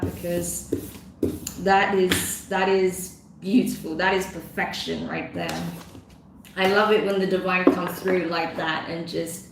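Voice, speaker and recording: Woman, tarot reader, emotional, chatty, heavy room echo, faint hiss. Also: fairly low pitch. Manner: effusive, emotional, chatty with many fillers. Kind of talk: casual tarot reading. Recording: very echoey room with faint noise.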